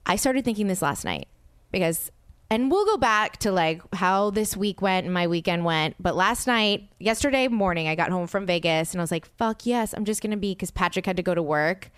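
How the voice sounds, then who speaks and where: A young adult woman hosting a casual podcast, telling a story in a lively way and acting out the quotes. Her voice is smooth and clear. It is recorded close and dry. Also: on the low side, moderate pace, no echo. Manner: animated, acts out quotes, swears freely. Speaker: podcast host.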